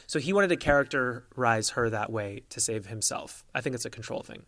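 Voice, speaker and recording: Measured man in dry gossip chat. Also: mid-range voice, fairly bright tone, dry recording. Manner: measured, analytical, mimics people he quotes. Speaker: podcast co-host.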